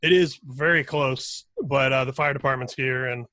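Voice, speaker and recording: A man's voice: mid-range voice, fairly even intonation, normal speed, sharp tone, no room sound. A man speaking as a guest on a casual panel discussion, rambling and thoughtful, trailing off and restarting.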